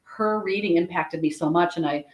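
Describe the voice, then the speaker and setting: A woman's voice: fairly low pitch, moderate pace, rough recording. Chatty woman telling a reading story. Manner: chatty, animated storytelling with many restarts. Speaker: Akashic Records reader. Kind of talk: casual storytelling in a podcast chat.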